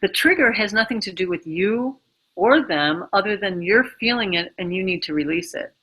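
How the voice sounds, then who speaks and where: Woman guest rambling thru advice, bright voice, tons of you know and like. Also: mid-range voice, animated, normal speed, slightly rough, poor audio. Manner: rambling, filler-heavy, acts out inner dialogue. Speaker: interview guest. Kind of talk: casual advice talk.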